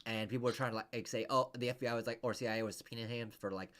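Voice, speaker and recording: Guy coaching on a video call, talks really fast, lots of restarts and fillers, typing in the background. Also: medium pitch, fairly even intonation, fairly bright tone. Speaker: interview coach. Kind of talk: casual coaching chat.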